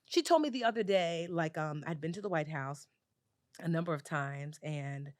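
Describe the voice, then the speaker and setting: A woman being interviewed as a personal finance expert, telling lively stories in casual chat with lots of fillers. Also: deep voice, moderate pace, no echo, clean studio sound. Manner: animated, lively storyteller with many "like"s.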